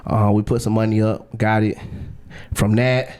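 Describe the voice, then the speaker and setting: A young man telling a long personal story as a guest in a casual interview, slangy and animated, often acting out what others said. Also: on the low side, normal speed, smooth.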